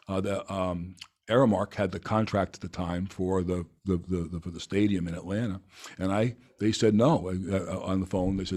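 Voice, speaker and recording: A man with a low, husky voice chats on a podcast. He rambles through a story with lots of fillers and restarts. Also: a little mellow. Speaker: podcast host. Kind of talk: casual interview chat.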